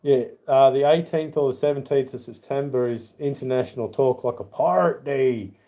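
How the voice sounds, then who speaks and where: Warm in tone, with a medium pitch and normal pace, an Australian livestream host chats in a relaxed, rambling way. He addresses chat members by name and calls them mate.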